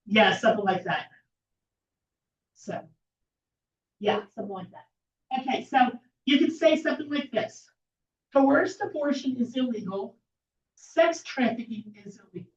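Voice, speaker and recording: A woman's voice: a little high, measured pace, pauses often. Brief: woman presenter, emphatic, in a roomy hall, mic far off. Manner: emphatic, rhetorical questions. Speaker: speaker at a political meeting. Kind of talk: persuasive presentation. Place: meeting hall. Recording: echoey room from far off, dull lo-fi.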